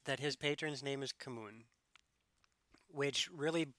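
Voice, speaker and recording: A man acting as game master, explaining the story in a relaxed way to his players at home. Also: mid-range voice, unhurried, dry recording. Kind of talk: narrating a tabletop game. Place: home room.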